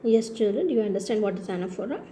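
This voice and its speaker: Woman, Indian English accent, teacher, patient and repetitive, warm soft tone. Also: medium pitch, animated, rapid-fire, a little hiss or hum. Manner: patient, repetitive explaining with frequent checks for understanding. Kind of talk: classroom lesson on poetry.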